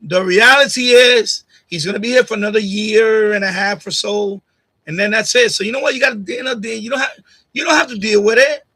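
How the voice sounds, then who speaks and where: A man's voice: high-pitched, fairly quick, bright, forceful tone, rough recording. A man hosting a live stream, ranting straight at a viewer in a combative, repetitive way on a USB condenser mic at home. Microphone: USB condenser mic on boom arm.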